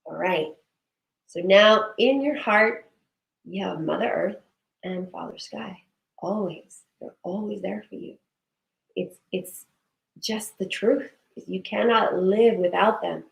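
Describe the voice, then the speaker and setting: A woman leading a guided breathing and movement session, giving slow, soothing cues and affirmations. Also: medium pitch, gravelly. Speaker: breathwork and wellness instructor. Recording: echoey room.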